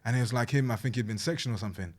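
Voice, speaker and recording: A man's voice: mid-range voice, very fast. A young man, chatting bluntly as a podcast guest, swearing freely and saying bruv a lot. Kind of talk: casual chat.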